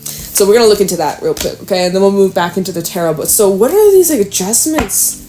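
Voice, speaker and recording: A woman giving a casual, frank tarot reading to her viewers, chatty and quick to swear and laugh. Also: mid-range voice, lively intonation, mellow, soft background music. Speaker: tarot reader.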